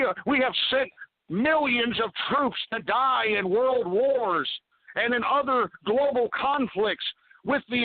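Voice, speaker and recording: A man hosting a radio talk show, ranting angrily and exasperatedly with lots of swearing. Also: very high voice. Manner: swears a lot. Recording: tinny phone-like radio audio.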